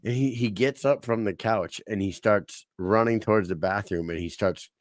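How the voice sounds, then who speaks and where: A man's voice: fairly low pitch, normal speed, no echo, clean studio sound. A man co-hosting a podcast, telling jokey, profane family anecdotes in casual chat. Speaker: podcast co-host.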